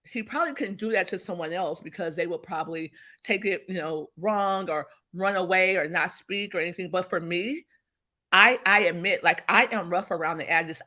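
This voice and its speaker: A woman's voice: lowish voice, bright, forceful tone. A woman guest in an interview, talking emphatically and telling stories that act out past conversations. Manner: emphatic, storytelling, acts out quoted exchanges. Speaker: interview guest, business coach.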